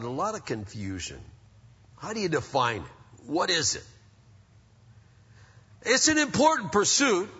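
A man's voice: high voice, pushed and bright, breathy edge. A man preaching a sermon, a pastor telling jokes and stories to his congregation. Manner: joking, storytelling preacher. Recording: echoey hall, dull lo-fi sound.

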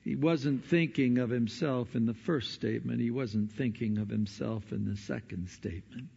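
A male pastor preaching a sermon in earnest tones, moving between hushed passages and emphatic ones. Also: medium pitch, moderate pace, vocal fry, husky. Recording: dull sound in a reverberant hall.

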